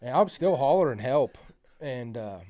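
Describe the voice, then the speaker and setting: A man's voice: medium pitch, lively intonation, moderate pace, warm tone. Rambling, profane storytelling man. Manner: rambling, profane, many fillers. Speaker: podcast guest. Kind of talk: casual storytelling.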